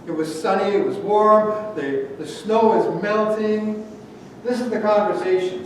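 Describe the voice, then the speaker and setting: A man's voice: sits high, a little slow, recorded from a distance, a little hiss or hum. A male pastor preaching a sermon in a conversational way, telling stories with light humor. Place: church sanctuary. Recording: echoey church hall from afar.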